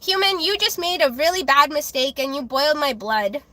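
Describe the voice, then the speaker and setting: A woman livestreaming, ranting angrily to her chat, with halting restarts and repeated words. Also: high voice, bright, forceful tone, no room sound. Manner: angry, heated ranting with swearing.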